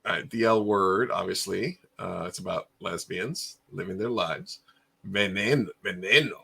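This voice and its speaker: A man's voice: sits low, moderate pace, gravelly, pushed and bright, husky. A man chatting casually as co-host, rambling and reacting to a list of shows.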